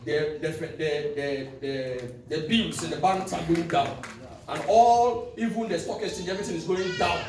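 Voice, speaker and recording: A man, preaching a sermon with call-and-response and sudden shouts. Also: a little high, normal speed, noisy background. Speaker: pastor. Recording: echoey hall, distant mic, music behind.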